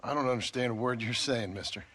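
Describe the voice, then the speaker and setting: A man's voice: medium pitch, fast talker, a bit bright, lightly acted. An actor playing a terse, blunt frontier gunman who speaks in dry, laconic lines.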